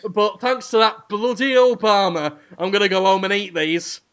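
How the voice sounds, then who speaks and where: A man putting on the voice of a gruff older male rocker, loosely imitated. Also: high-pitched, moderate pace, fairly bright tone, dull audio. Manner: loose attempt at another voice, admits he can't do it.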